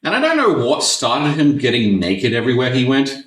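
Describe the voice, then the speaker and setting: A man's voice: medium pitch, wildly swooping pitch, fairly quick. A man hosting a podcast, telling stories casually with plenty of swearing. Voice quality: swears freely, laid-back storytelling. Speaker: podcast host. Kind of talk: casual chat. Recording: echoey room, distant mic.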